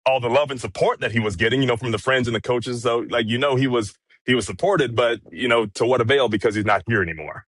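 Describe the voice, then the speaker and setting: A man giving a casual, measured account of a day in court, recounting events with frequent fillers. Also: mid-range voice, a bit bright, dry recording. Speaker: courtroom correspondent. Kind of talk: casual commentary chat.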